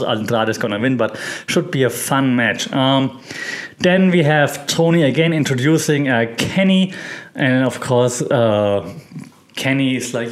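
A man hosting a casual recap show, rambling with many fillers and restarts. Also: medium pitch. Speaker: host.

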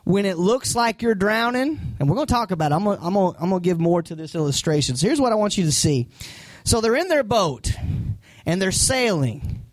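A man preaching a sermon as pastor, animated and acting out voices from the story. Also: sits high, brisk, dry recording.

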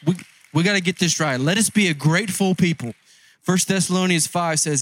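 A man's voice: high-pitched, fairly quick, a bit bright, no room sound. A man preaching a conversational sermon as a pastor, pressing his points by repeating key phrases.

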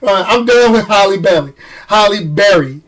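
A man with a New York accent talks straight to his audience in a loose, chatty vlog style. He hammers points by repeating them and breaks into laughs at his own slips. When he gets fired up, his voice leaps high before settling back down. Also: expressive, normal speed, a bit bright. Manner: chatty, emphatic, repeats phrases for effect. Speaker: vlogger commenting on movies. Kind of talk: casual chat to camera.

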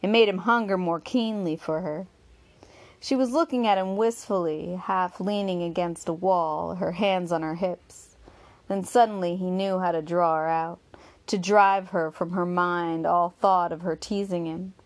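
Woman narrating an audiobook, low voice. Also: fairly even intonation, a little slow. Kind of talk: scripted narration.

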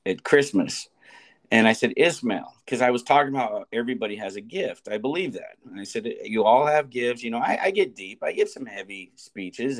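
A man in his forties, a teacher co-hosting a podcast, telling a rambling story with restarts and frequent laughter. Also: mid-range voice. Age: 40s. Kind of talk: casual chat.

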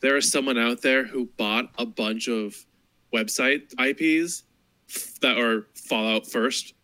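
A man co-hosting a casual chat about video games, lively and quick to laugh. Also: medium pitch, no echo. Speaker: podcast co-host.

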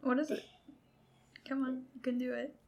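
Young woman, gravelly voice, high-ish, giggles and rambles in casual chat. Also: little pitch movement, normal speed, darkish tone. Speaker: podcast co-host. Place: bedroom.

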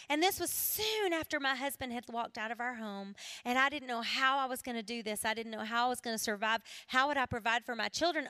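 A middle-aged woman from South Carolina, giving an emotional testimony sermon to women, dropping to a hush and then rising again. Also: high-pitched, a little fast. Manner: emotional, swings from hushed to raised and cracking. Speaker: women's ministry speaker.

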